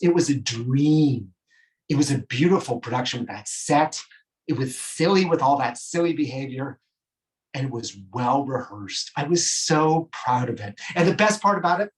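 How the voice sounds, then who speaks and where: A man performing a solo storytelling monologue on a stage, animated and gushing, with sudden swoops high in pitch. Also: far from the mic, rough recording. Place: theatre stage.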